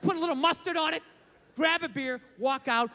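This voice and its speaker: A man's voice: very high voice, a little fast, sharp tone, long reverb tail. A man performing a stand-up comedy set on a live stage mic, blunt, profane and ranting with sarcasm.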